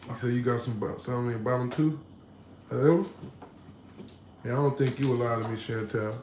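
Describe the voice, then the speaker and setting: A man hosting a casual livestream, reading out comments and telling a story in animated, slangy talk with laughs. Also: mid-range voice, brisk, roomy sound, a little hiss or hum, low-quality recording. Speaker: livestream host. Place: home room.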